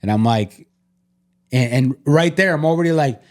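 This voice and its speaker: A man's voice: mid-range voice, a little fast, darkish tone. A man co-hosting a podcast, talking earnestly and openly, full of "like" fillers and restarts. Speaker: podcast co-host. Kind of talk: candid conversational podcast.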